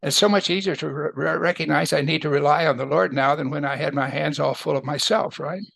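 An older man leads a Bible study in a chatty, conversational way and keeps checking that his listeners follow. His voice is gravelly and bright, a little above the usual pitch for a man. It is recorded close and dry. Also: a little fast, no room sound. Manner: conversational, asks listeners to agree.

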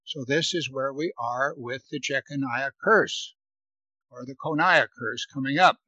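Man, Bible teacher, sermon, bright tone, dry close sound, emphatic. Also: normal speed, no echo, muffled recording. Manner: reads scripture aloud louder and higher, then comments; emphatic, repeats words for stress.

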